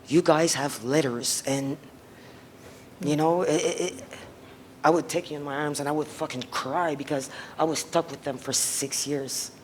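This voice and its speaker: A woman's voice: sits low, steady tone, normal speed. Woman on a panel, blunt, swears a lot, bit of hiss behind her. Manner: blunt, swears often, emotional. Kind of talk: casual panel talk.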